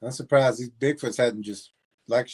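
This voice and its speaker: A man's voice: medium pitch, steady tone, moderate pace, darkish tone, breathy edge. A man co-hosting a casual reaction livestream, laughing often and mockingly repeating lines from the clip. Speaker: reaction stream co-host.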